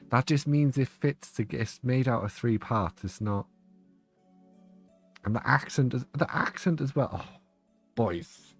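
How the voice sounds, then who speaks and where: A young man, chatting and joking with viewers on a live stream, laughing often. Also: on the low side. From Wales. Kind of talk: casual live-stream chat.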